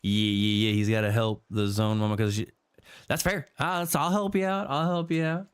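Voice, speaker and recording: A man in the middle of a multiplayer gaming session, talking casually with his friends. His tone is playful and teasing, with lots of repeated words and restarts. Every so often his voice jumps into high, squeaky exclamations. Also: little pitch movement, moderate pace, slight background noise. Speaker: gaming streamer. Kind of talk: casual multiplayer gameplay chat.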